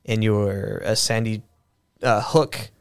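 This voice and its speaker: A man's voice: on the low side, fairly even intonation, slow pace, clear, resonant tone. A man hosting a podcast, talking in a loose, rambling way with restarts and fillers and plenty of swearing. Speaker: podcast host. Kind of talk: casual conversational commentary.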